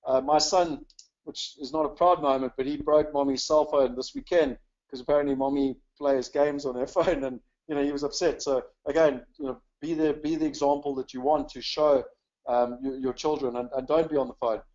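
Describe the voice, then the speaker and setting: Here a man from South Africa presents a webinar in a relaxed, talkative way, staying upbeat and leaning on "you know" as filler. He speaks at a fairly quick clip in a mid-range, darkish voice with fairly even intonation, and the highs are cut off.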